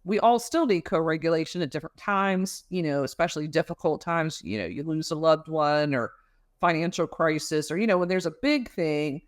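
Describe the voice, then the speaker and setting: A mid-pitched speaker gives thoughtful explanations on a podcast, drawing on research and plain comparisons to help parents. The delivery is measured and full of small fillers, recorded close and dry. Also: dry recording. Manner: thoughtful, explains with everyday analogies, many fillers. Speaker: parenting counselor or expert guest.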